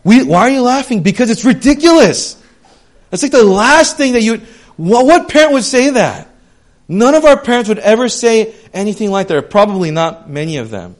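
A young man preaching a sermon in a lively, conversational way, full of asides and casual slang. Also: high voice, normal speed. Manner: animated, conversational, with lots of asides. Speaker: pastor.

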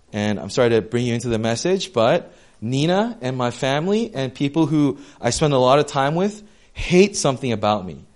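A young man preaching a sermon in a conversational, animated way, full of casual slang and asides. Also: medium pitch. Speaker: pastor.

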